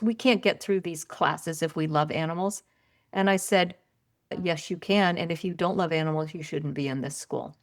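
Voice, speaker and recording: An older woman, a podcast guest, telling stories in a lively, conversational way and often raising her voice when she quotes herself. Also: fairly low pitch. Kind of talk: conversational storytelling.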